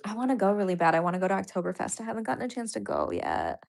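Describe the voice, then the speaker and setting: A woman's voice: medium pitch, big pitch swings, a little fast, gravelly, pauses often. A woman hosting a casual live stream, chatting loosely with viewers, reading their comments aloud and laughing often. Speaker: livestream host.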